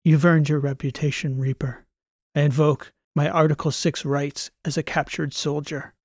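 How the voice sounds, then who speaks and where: A man voicing a badly wounded male enemy soldier with a raspy, weak voice. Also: a little high, flat delivery, normal speed, a little mellow, dry recording, studio quality. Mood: weak, proud.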